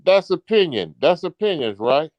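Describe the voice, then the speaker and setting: A man's voice: a little high, very animated, moderate pace, darkish tone, no echo, dull audio. A man on a live stream panel, probing and questioning the others in casual talk. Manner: probing, questioning, laughs easily.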